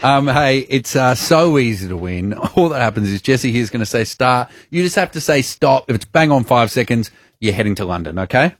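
A man hosting a radio show, teasing and quick with callers. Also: mid-range voice, animated, no room sound, clean studio sound. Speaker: radio host. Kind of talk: casual radio banter.

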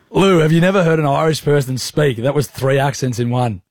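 An Australian man in his thirties, a radio host, teasing and laughing through casual banter. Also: a little high. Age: 30s.

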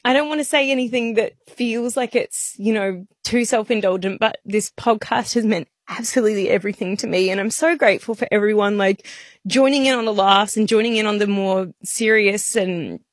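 A woman's voice: medium pitch, a little fast, no room sound, studio quality. A woman, a podcast producer, talking emotionally and holding back tears in casual chat.

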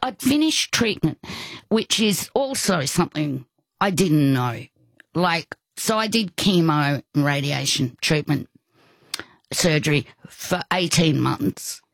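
Slow, husky older woman. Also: sits low, lively intonation, no room sound. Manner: halting, with many restarts and asides. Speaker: guest. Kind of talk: storytelling in conversation.

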